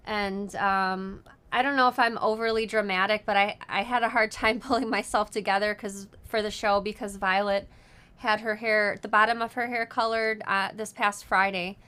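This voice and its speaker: A woman's voice: medium pitch, steady tone, normal speed, bright, forceful tone, clean tone. A woman hosting a casual live show, chatting with lots of ums and easy laughter. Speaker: host of a sewing live show. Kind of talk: casual live-stream chat.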